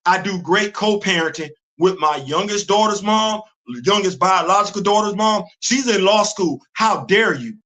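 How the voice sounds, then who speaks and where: A high-pitched, bright middle-aged man hosts his own casual commentary show. He speaks heatedly and emphatically, hammering his points with repetition. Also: moderate pace. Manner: heated, emphatic, repeats himself. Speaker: host.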